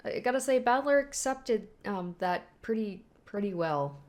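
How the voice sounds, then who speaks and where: A woman's voice: mid-range voice, lively intonation, moderate pace, a little mellow. A woman casually reading a manga aloud and reacting to it, chatty and laughing often. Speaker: manga read-and-react host.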